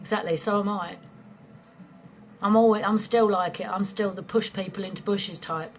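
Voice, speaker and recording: A woman's voice: mid-range voice, fairly even intonation, normal speed, lo-fi sound, a little hiss or hum. A woman, chatting casually and playfully on a late-night livestream from home, swearing freely and laughing often. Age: 40s. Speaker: livestream host chatting with viewers.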